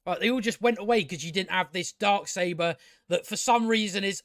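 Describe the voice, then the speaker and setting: A man's voice: high voice, a little fast, fairly bright tone, no room sound, clean studio sound. A man giving a casual spoken review, sarcastic and exasperated, rambling with restarts and swearing. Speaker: video reviewer.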